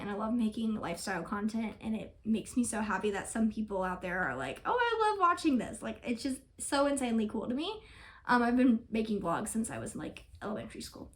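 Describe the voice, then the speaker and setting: Chatty young woman vlogger, slightly high. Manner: chatty, rambling, effusive. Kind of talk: casual chat to camera.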